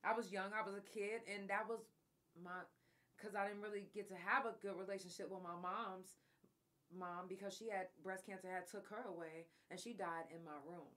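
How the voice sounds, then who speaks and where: A woman's voice: mid-range voice, steady tone, moderate pace, a bit bright. Candid woman telling a personal story. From Oklahoma. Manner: candid, profane, emotional storytelling. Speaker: podcast host.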